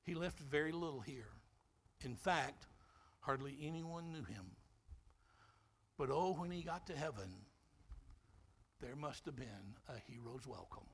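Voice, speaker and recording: A man preaching a sermon, telling a story with dramatic, emphatic delivery that swings between loud and soft. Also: mid-range voice, lively intonation, measured pace, long pauses, slightly rough. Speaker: pastor.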